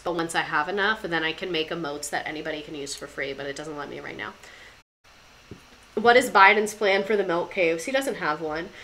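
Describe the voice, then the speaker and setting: A woman's voice: low-pitched, sharp tone, a little hiss or hum. A woman streaming a casual history chat, sarcastic and laughing often, swearing freely.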